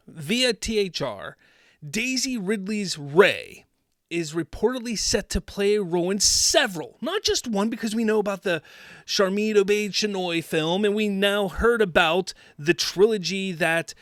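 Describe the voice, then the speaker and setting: A man with a high voice hosts a commentary show, sarcastic and emphatic as he mocks and hammers his points. The sound is dry and close, with no room around him. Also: a bit bright, dry recording. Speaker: host. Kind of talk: opinionated commentary.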